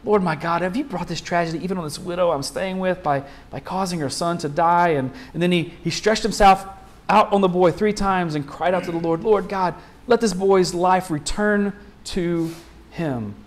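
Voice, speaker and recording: A man preaching a sermon as pastor, in a conversational style full of rhetorical questions and quick restarts. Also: sits high.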